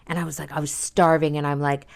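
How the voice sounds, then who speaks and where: A young adult woman, casually chatting as co-host and telling stories in an animated way, with quick asides and high leaps in pitch when she quotes herself. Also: creaky. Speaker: podcast co-host, daughter of the other host. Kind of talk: casual chat.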